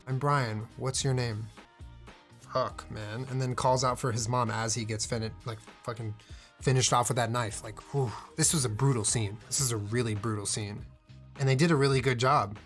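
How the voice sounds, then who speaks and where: A young man giving casual, animated reaction commentary as a streamer, swearing freely and lifting his voice when excited. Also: mid-range voice.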